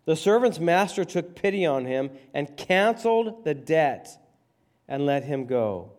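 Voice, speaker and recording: A man's voice: on the high side, very animated, a little slow, darkish tone. Man preaching a conversational sermon. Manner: conversational, emphatic with checking questions. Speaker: pastor. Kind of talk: sermon reading and explaining scripture.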